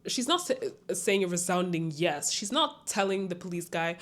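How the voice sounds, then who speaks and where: A woman's voice: mid-range voice, animated, moderate pace. A young woman vlogging a late-night reaction to a documentary, tired, incredulous and sarcastic, often breaking into laughter. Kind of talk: casual late-night commentary.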